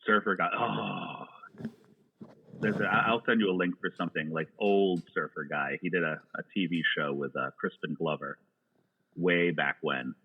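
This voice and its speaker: A man with a fairly low voice talks through old movies in a loose, rambling way, full of jokes and restarts. He comes through a narrow, tinny line that sounds like a phone call. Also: fairly even intonation, moderate pace, vocal fry, husky. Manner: rambling, joking movie talk with frequent "uh" restarts. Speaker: podcast guest. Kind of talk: casual chat.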